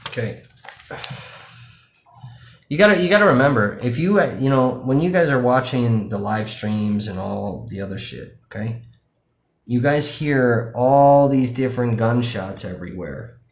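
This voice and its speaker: A man in mid-range pitch talks straight to his viewers in a loose, cursing, conversational way. He keeps checking in with them as he explains. The room around him rings with a noticeable echo. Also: animated, unhurried. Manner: profane, conversational, addresses viewers directly. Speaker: independent livestream journalist. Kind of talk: casual explanatory talk to viewers. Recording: roomy echo.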